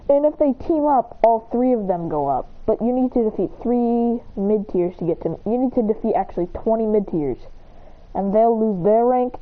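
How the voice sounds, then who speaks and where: A woman casually improvising a story, rambling along and often correcting herself. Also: mid-range voice. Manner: rambling, with frequent self-corrections. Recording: tinny phone-like sound.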